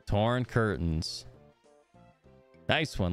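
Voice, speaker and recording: A man's voice: low voice, animated, takes it slowly, pauses often, soft background music. A young man streaming a game live, chatting upbeat with his viewers and reading the characters' dialogue aloud in his own voice.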